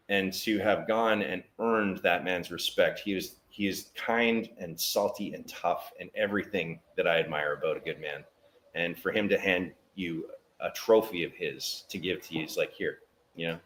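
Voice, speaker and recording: A man's voice: low-pitched, a little hiss or hum. A man, a guest and business owner, telling a story in conversation and acting out the other people's lines. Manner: animated storyteller acting out dialogue.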